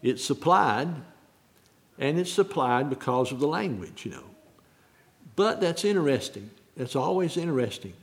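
A man preaching on a Bible verse, halting and restarting often, repeating key phrases slowly. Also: medium pitch, sing-song. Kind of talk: sermon, unscripted Bible teaching.

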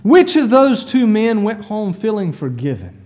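High-voiced man preaching a sermon, animated storyteller with a wide melodic range. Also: measured pace. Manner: animated storytelling, rhetorical questions.

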